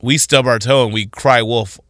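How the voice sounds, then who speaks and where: A man co-hosting a morning radio show, telling stories with energy and slipping into high voices when quoting people. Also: normal speed, no room sound, studio quality. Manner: animated storytelling, voicing others in high tones. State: tired after a night of drinking. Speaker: radio co-host. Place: radio studio.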